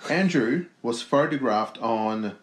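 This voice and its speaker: A man's voice: mid-range voice, expressive. Casual male co-host, jokey, trips over words while reading out a story; echoey room. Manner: joking, halting reading with restarts and asides. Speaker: podcast co-host. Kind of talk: casual chat, reading news aloud.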